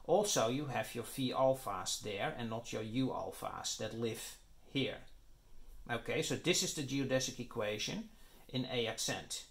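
A man's voice: medium pitch, measured pace, creaky, fairly bright tone. A man lecturing on physics, explaining his derivation step by step and often checking in with "right?" and "okay?". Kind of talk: explaining at a whiteboard.

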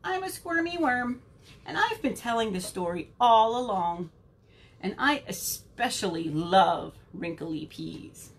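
A cheerful, squirmy worm who tells the story, as a woman puts it on, bouncy and chummy. The voice sits a little high and rises and falls a lot. The pace is unhurried. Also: expressive. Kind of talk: picture book read-aloud.

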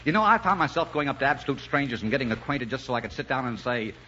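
An actor playing an earnest young male composer in an old radio drama, shy and halting at first and then full of passion. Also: mid-range voice, lively intonation, pushed and bright, a little hiss or hum. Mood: tender. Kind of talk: 1940s radio acting. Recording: muffled old radio broadcast with music.

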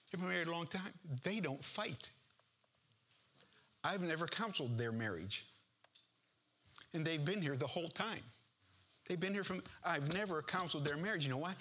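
A man's voice: on the high side, bright, forceful tone, husky. A man preaching a sermon as pastor in a church, earnest and impassioned, building to emphatic peaks.

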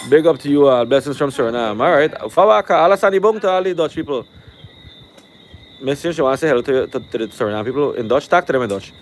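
A man hosting a live stream from a rooftop cookout, reeling off shout-outs and ranting at critics in a brash, animated way. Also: medium pitch, fast.

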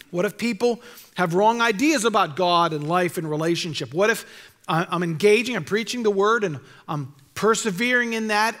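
In a reverberant church sanctuary, a male pastor with a high, fairly bright voice preaches a sermon. He is earnest and exhorting, repeating his key phrases.

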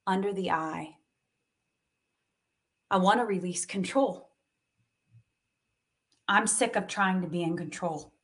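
A woman's voice: on the low side, husky. A woman guiding a live tapping and breathing session, speaking soothingly and coaxingly, with sighs and moments of emotion.

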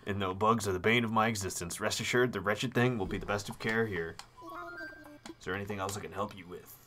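A man's voice: on the low side, fairly even intonation, brisk, sharp tone, soft background music. A man voicing a pompous, elderly male owl who runs a museum, with fussy, old-fashioned formal speech. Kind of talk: playful game character voice.

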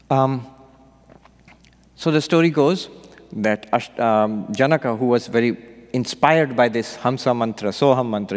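A man, a monk and spiritual teacher, giving an unhurried meditation retreat talk with gentle storytelling and light humor. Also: medium pitch. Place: retreat hall. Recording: long hall reverb.

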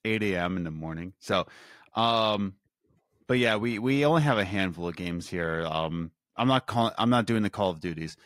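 Joking American man, low-pitched. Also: lively intonation, normal speed, fairly bright tone, dry recording, clean studio sound. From United States. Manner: jokey, self-deprecating. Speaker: podcast co-host. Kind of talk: casual chat.

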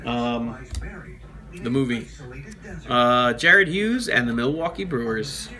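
A man's voice: mid-range voice, slow pace, pushed and bright. A man hosting a toy show, chatting casually as he reads out names and makes joking asides. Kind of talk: casual card-opening chat.

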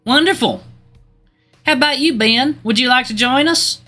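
Guy putting on a sugary condescending girl voice, high and bright, lots of lilt. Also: moderate pace, faint music behind. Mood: sweet. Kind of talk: video game dialogue read aloud.

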